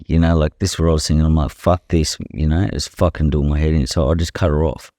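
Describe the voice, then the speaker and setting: A man's voice: a bass voice, steady tone, a little fast, hardly any pauses, mellow, no echo, studio quality. A young Australian man, a professional boxer, speaking candidly as a podcast guest. He talks bluntly, swears freely and keeps saying "you know". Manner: blunt and profane, leans heavily on "you know". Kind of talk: candid conversational storytelling.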